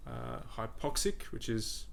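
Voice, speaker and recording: A man hosts a podcast in a loose, friendly back-and-forth. His mid-range voice has a gravelly fry. He often laughs and leans on everyday examples to explain things. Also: mid-range voice, a little slow, a bit bright. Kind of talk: casual conversation.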